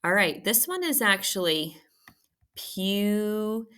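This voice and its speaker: A woman teacher walking students through a recorded phonics lesson, patient and checking in often with a quick "okay?". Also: medium pitch, very animated, a bit bright, clean tone.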